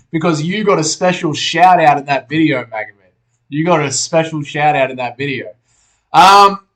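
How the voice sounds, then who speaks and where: Aussie bloke chatting on a live stream, bit higher voice, relaxed, swears a lot, banters with chat. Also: male voice. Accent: Australian. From Australia. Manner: laid-back, swears often, banters with chat. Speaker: livestream host reading chat.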